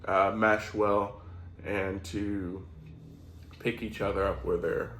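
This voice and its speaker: A man's voice: lowish voice, flat delivery, slow, fairly bright tone, echoey room, a little hiss or hum, poor audio. A man co-hosting a casual chat, talking in an easygoing, rambling way. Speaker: co-host.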